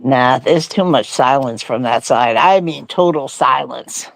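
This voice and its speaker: A woman's voice: extremely low pitch, unhurried, creaky, no echo. A woman co-hosting a casual political chat, teasing and retelling stories with laughter. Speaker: co-host of a live talk show.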